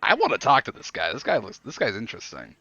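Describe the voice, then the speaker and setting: Animated man reading a story game aloud. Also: mid-range voice, quick pace, dry recording, lo-fi sound. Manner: animated, thinks aloud between narration. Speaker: streamer reading an interactive story.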